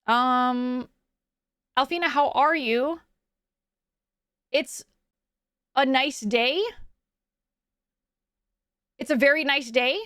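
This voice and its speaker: A woman's voice: high voice, drawn-out words, pauses often, a bit bright, clear, resonant tone, dry recording. Brief: casual woman streamer, laughs a lot, swears freely, dry desk mic.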